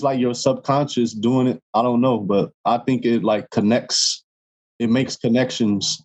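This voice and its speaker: A man's voice: fairly low pitch, darkish tone. A man co-hosting a podcast, speaking hesitantly and searching for words. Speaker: podcast co-host. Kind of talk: casual chat. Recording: dull lo-fi sound.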